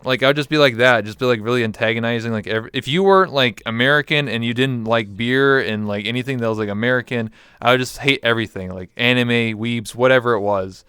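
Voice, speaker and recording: A man's voice: medium pitch, quick pace, few pauses, fairly bright tone, smooth, no room sound, studio quality. A man from Canada, a guest talking in a candid, reflective way with many fillers. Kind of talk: casual interview chat.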